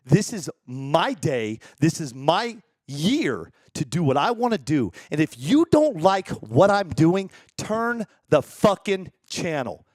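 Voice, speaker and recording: A man's voice: on the high side, very animated, slow pace, hardly any pauses, a little mellow, dry recording. A man hosting a live-stream talk show from a studio, ranting heatedly and swearing. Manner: heated, profane rant. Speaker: show host.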